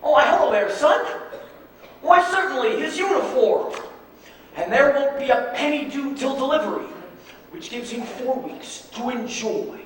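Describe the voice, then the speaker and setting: A man playing a smooth-talking traveling salesman posing as a professor, with fast, flattering patter in a stage musical. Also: very high-pitched. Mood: glib. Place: theater stage. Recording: echoey hall, miked from far off with music.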